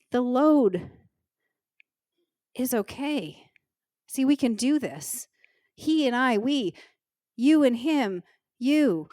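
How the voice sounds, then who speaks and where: Middle-aged lady pastor preaching, kinda high voice, earnest and emotional, dry close sound. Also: darkish tone, no echo. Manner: earnest, emotional, slows down for emphasis. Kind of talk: sermon. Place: church stage.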